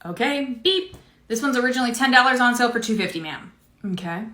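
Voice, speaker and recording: A woman playing a patient female retail cashier who stays flat and polite with rude customers in a comedy skit. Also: fairly high pitch, quick pace. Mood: deadpan. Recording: echoey room.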